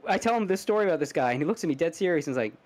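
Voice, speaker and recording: A man's voice: high voice, lively intonation, racing, darkish tone. A man co-hosting a podcast, telling a story in casual chat, laughing, swearing and restarting his sentences. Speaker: podcast co-host.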